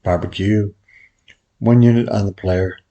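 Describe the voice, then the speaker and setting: A man hosting a gambling video, calling out his bets in a relaxed, muttered running commentary to viewers. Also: on the low side, measured pace, lo-fi sound. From Vegas pro. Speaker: baccarat video host. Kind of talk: casual play-by-play of bets.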